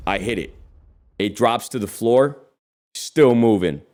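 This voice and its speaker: Dude in his 30s ranting through a story, swears a lot, kinda low voice. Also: unhurried, pauses often. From lives in Texas. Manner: animated, profane, calls listeners bro. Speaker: podcast host. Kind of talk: casual storytelling chat.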